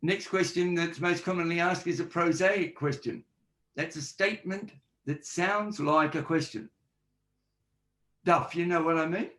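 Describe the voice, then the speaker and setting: A man with a slightly high voice talks as a guest on a podcast. He explains his ideas point by point and acts out the sample questions he describes. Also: measured pace, fairly bright tone. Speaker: guest, forensic linguist. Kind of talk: podcast interview answers.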